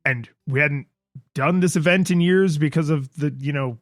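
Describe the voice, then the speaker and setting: A man's voice: a little high, moderate pace, no echo. Rambling man co-hosting a podcast, dry mic. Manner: rambling, self-deprecating, acts out quotes in raised voices. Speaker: podcast co-host. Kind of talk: casual chat.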